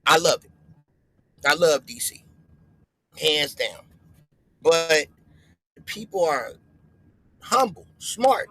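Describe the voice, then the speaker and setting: A man's voice: on the high side, big pitch swings, slow, pauses often, fairly bright tone, husky, rough recording. A man from the US West Coast hosting a livestream, talking in slang and rambling with frequent repeats. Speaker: livestream host. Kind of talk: loose reaction-stream commentary.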